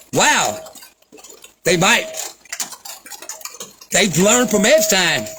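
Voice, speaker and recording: Guy vlogging, really fired up and cussing, high voice jumping all over the place. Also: background noise. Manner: profane, fired-up, sarcastic. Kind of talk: angry ranting commentary.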